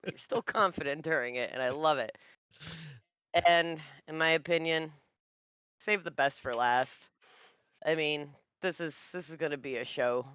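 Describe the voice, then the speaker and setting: A man's voice: fairly high pitch, measured pace, pauses often, pushed and bright, clear, resonant tone, dry recording, lo-fi sound. A man co-hosting a casual chat, upbeat and laughing as he hypes the guests. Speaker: podcast co-host.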